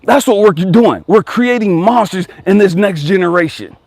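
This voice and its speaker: A man's voice: high voice, expressive, normal speed, a little mellow, dry recording. A man in his forties giving a blunt, profane motivational talk as a life coach and channel host. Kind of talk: casual motivational monologue.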